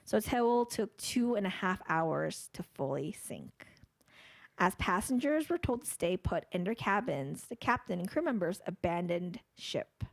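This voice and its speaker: A woman's voice: fairly low pitch, very animated, unhurried, gravelly, no echo. Blunt, swearing young woman podcaster. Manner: blunt, swears freely, explains the facts. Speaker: podcast co-host. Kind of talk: casual true-crime chat.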